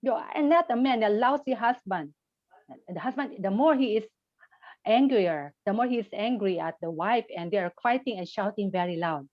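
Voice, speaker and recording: A woman, a Buddhist teacher, telling stories to children and quizzing them in a gently instructive way. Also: mid-range voice, expressive, moderate pace, no room sound. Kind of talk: storytelling lesson to children. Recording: dull lo-fi sound, dry.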